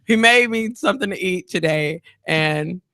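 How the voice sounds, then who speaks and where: A woman's voice: lowish voice, normal speed, dry recording, clean studio sound. Chatty, laughing woman radio host. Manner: chatty, laughs often, animated storytelling. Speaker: radio talk show host. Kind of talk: casual interview chat. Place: radio studio.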